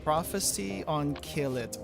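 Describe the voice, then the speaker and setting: A man's voice: fairly high pitch, slow pace, creaky, music in the background. A man streaming a game, casually thinking aloud as he picks cards and mutters through his moves. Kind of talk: casual gameplay commentary.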